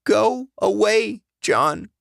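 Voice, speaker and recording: A man voicing a terrified young woman in a high, strained, pleading voice. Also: lively intonation, extremely slow, vocal fry, a bit bright, dry recording, clean studio sound, heavily acted.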